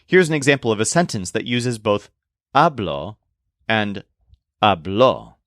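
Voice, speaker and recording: A male teacher narrates a recorded language lesson, his pitch rising and falling with a lively, animated lilt. He talks slowly and carefully, spelling words letter by letter. The voice is dry and close, with no room sound. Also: no room sound. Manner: slow, deliberate explanations with spelled-out words.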